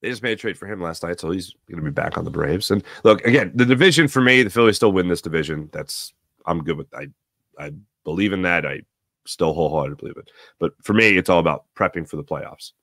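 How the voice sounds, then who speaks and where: A man hosting a live morning sports talk show, giving opinionated, rambling takes with sudden animated bursts. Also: low-pitched, fast talker, no echo, studio quality. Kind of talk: solo sports radio monologue.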